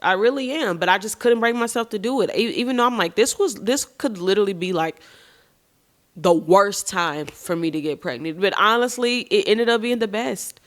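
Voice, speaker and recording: A frank, expressive woman hosts a podcast, candidly relating her own experiences to listeners she addresses as y'all, with casual swearing along the way. Her pitch is medium and her speed normal, and she uses a podcast microphone.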